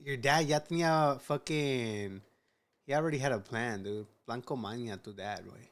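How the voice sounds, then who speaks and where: A man's voice: medium pitch, a bit bright, a little hiss or hum. A man hosting a casual chat, reacting to the story with profane jokes and slang. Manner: slow, profane, joking reactions mixing Spanish slang. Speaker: host.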